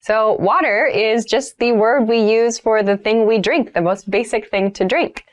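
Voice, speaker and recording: A woman's voice: a little high, animated, normal speed, hardly any pauses. A woman teaching English vocabulary, repeating each word and example sentence three times and explaining them in simple, patient terms. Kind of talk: vocabulary lesson, repeating words slowly.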